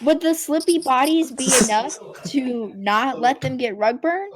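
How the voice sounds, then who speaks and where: Upbeat teen girl with a fairly high voice. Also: a little slow, background noise. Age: teens. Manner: upbeat, reads questions. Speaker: podcast co-host. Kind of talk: casual chat.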